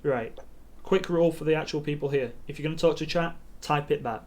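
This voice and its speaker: A man with a slightly high, brisk, a little mellow voice runs a tabletop game on stream as game master. His narration is loose and hesitant, packed with ums and "sort of".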